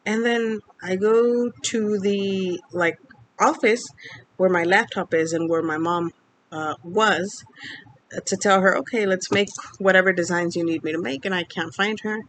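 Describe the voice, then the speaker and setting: In her casual vlog, a twenty-something vlogger from Mexico recounts something personal and candid, wandering off track with plenty of filler words. She speaks at a measured pace in a medium, fairly even voice over slight background noise.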